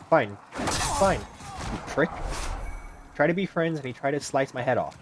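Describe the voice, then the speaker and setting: A man's voice: mid-range voice, unhurried, pauses often, background noise. Joking gaming commentator man. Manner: animated, joking, talks to game characters. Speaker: gaming YouTuber. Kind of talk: casual gameplay commentary.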